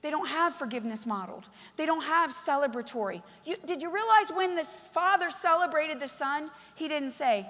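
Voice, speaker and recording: A woman pastor preaching a passionate sermon that swings between loud exhortation and quiet storytelling. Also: high-pitched, big pitch swings, brisk, few pauses, big-room sound.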